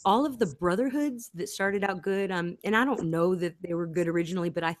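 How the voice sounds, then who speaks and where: A woman's voice: on the low side, brisk, dry recording. A woman in a rambling casual chat, giggling and interrupting herself often. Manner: giggly, meandering, with frequent self-interruptions. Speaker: host.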